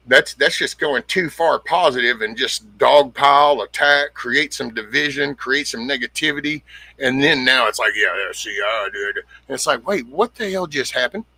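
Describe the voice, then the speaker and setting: A man's voice: mid-range voice, pushed and bright, dry recording. A middle-aged man hosting a casual livestream, rambling bluntly, swearing freely and greeting viewers by name. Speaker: livestream host. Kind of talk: casual livestream chat reading comments.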